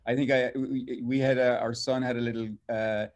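A man with an Irish accent moderating a panel, reading audience questions in a casual, halting way. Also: mid-range voice, flat delivery.

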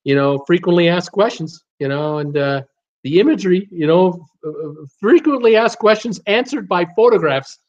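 A man with a high-sitting voice hosts a live cruise Q&A stream at a moderate pace, and the sound is lo-fi. He chats casually and reads viewer comments aloud, joking, laughing heavily and rambling with many restarts.

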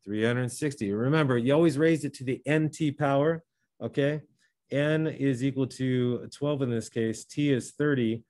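A man's voice: medium pitch, moderate pace, darkish tone, no room sound. A man teaching a math lesson, talking through each step and correcting himself as he goes. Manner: talks through steps, self-correcting. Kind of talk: classroom lesson.

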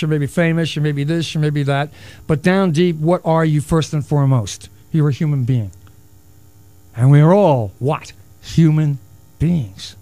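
A man's voice: on the high side, a little mellow, dry recording. Wisecracking male radio talk host. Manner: rambling, wisecracking, self-mocking. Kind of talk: solo radio talk, taking calls. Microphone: studio broadcast mic.

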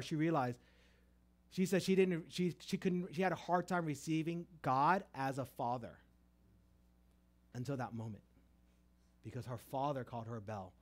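This middle-aged preacher has a mid-range voice. As he tells his stories he keeps restarting, his volume climbing for emphasis before sinking to a softer tone.

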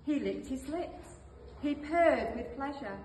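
Woman reading a christmas-ish storybook slow, kinda high voice, big echoey hall, mic far off. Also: slight background noise. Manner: slow, expressive. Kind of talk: storybook read-aloud.

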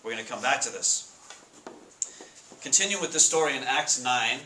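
A man giving a casual sermon to students, asking the room questions and reading scripture slowly. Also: mid-range voice, animated, bright, forceful tone. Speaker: Bible study speaker. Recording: echoey room with faint noise.

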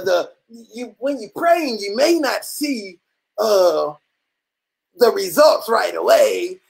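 A livestream host giving blunt, profane, combative commentary that keeps restarting and rises into near-shouts. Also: mid-range voice, gravelly, slightly rough, low-quality recording. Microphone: computer or phone mic on a live stream.

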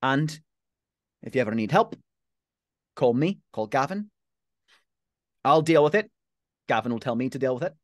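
Guy doing a pub landlady, gruff but soft underneath, higher voice, dry sound. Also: animated, normal speed, long pauses, no room sound, close to an everyday voice. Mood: tender, reassuring. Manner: gruff, then softening and tender. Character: tough but caring Glasgow pub landlady, late 30s.

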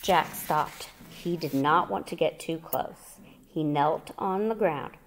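A woman teacher reading a children's chapter book aloud, telling it in a slow, expressive way. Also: deep voice, noisy background.

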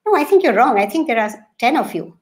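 Woman doing a wise old man in a folk tale, calm and gentle, kinda high voice. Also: fast, reverberant. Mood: reassuring. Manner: gentle, reassuring.

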